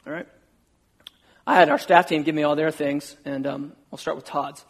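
A man's voice: fairly high pitch, fairly even intonation, normal speed, slightly rough. A middle-aged male pastor giving a casual, self-deprecating sermon and acting out quoted conversations.

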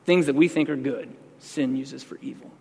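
A man's voice: medium pitch, fairly even intonation, normal speed, gravelly, warm tone, slightly rough. Man preaching a conversational sermon in a reverberant church. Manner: conversational preaching, building to emphatic outbursts. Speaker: pastor.

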